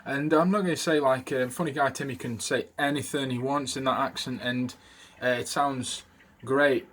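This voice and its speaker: A man's voice: medium pitch, steady tone, moderate pace, a bit bright, slight background noise. Man rambling through a voice tutorial. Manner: rambling, with many fillers and restarts. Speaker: video creator teaching impressions. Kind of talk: casual spoken tutorial.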